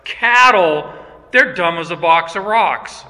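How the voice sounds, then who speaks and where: A man preaching a sermon, reading scripture aloud and explaining it slowly and with emphasis. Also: sits high, expressive, sharp tone, big-room sound. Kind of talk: expository sermon.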